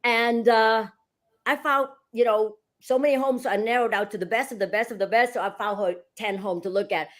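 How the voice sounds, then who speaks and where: A woman's voice: on the high side, a little fast. A middle-aged woman, a real estate agent, animatedly telling a story in an interview and acting out the dialogue. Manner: animated, acts out dialogue, laughs while telling.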